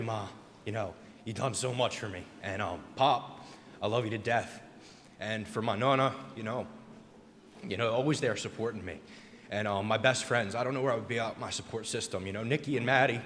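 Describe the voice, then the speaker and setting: A young man giving a heartfelt, halting commencement thank-you, choked up, with many fillers. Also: medium pitch, a bit bright. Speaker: graduating student giving thanks. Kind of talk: emotional commencement speech. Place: large ceremony hall. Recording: long hall reverb.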